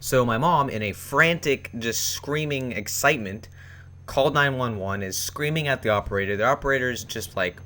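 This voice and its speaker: A man's voice: medium pitch, moderate pace, bright, forceful tone. A young man telling a personal story in a rambling, casual way, with many fillers and restarts. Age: young adult. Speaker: vlogger.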